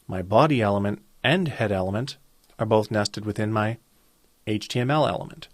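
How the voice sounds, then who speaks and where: A man teaching a web design lesson in a calm, methodical way, walking through each step of a screen-recorded coding tutorial. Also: fairly low pitch, no room sound.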